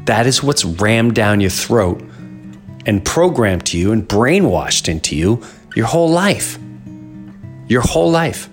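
On his podcast, a middle-aged man rants alone in an impassioned, preachy way, swinging emphatically. His fairly low voice is very animated yet measured in pace, and faint music plays behind him.

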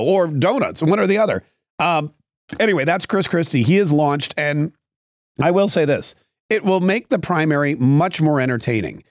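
A man's voice: a little high, lively intonation, moderate pace, no echo, studio quality. A man hosting a political podcast, giving sarcastic, rambling opinion commentary with frequent restarts.

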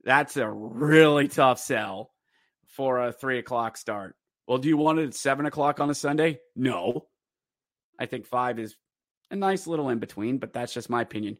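A man hosting a podcast, rambling casually with fillers through a game recap and slipping into excited play-by-play. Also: mid-range voice, normal speed, dry recording, studio quality. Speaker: podcast host.

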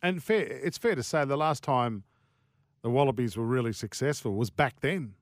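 A man's voice: medium pitch, animated, moderate pace, no echo, clean studio sound. Blunt Australian male radio co-host. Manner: blunt, opinionated, jokey. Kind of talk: casual sports radio banter. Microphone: studio microphone.

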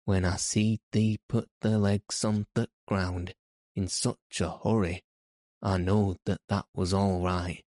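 Man doing old male gardener, broad yorkshire dialect, gruff, crabbed, slow, deep. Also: flat delivery, darkish tone, no echo, clean studio sound. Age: older.

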